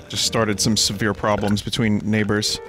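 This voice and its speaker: A man giving excitable, swearing let's-play commentary as a streamer, laughing and yelping up high.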